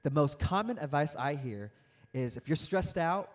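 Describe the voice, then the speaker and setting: An animated young man delivering a motivational talk to young people. His voice sits a little high for a man, and he speaks with lively, storytelling energy, drawing the audience in with questions. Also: moderate pace. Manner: animated, interactive, storytelling with acted-out quotes.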